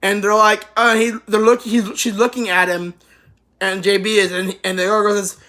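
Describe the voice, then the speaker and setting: A woman's voice: medium pitch, flat delivery, moderate pace, fairly bright tone. Woman vlogger, rambling anime recap, swears freely and laughs often. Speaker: anime reviewer. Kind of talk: casual anime review.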